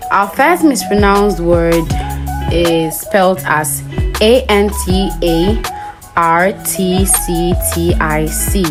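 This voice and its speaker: A woman teaching pronunciation in a slow, unhurried way, with a voice sitting on the lower side. She spells each word out letter by letter and keeps checking that the viewer is following. Faint music plays softly underneath. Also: rough recording. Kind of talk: spoken language lesson.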